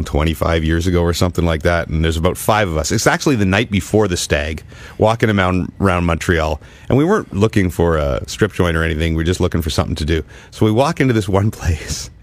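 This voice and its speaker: A man's voice: low-pitched, fairly quick, dry recording. A man co-hosting a podcast, telling stories in casual chat and laughing often. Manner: laughing, animated storyteller. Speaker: podcast co-host.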